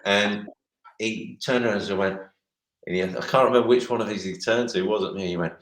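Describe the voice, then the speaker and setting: A former footballer in middle age talks briskly in a fairly low voice, rambling through interview anecdotes with many restarts and acted quotes. Echo from a roomy space is audible.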